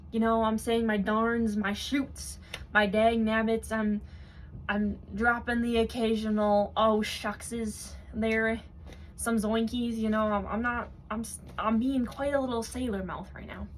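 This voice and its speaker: A woman's voice: fairly high pitch, little pitch movement, measured pace, slight background noise. Lady doing a snarky commentary rant, mocking and fed up. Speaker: commentary video host. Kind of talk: sarcastic commentary.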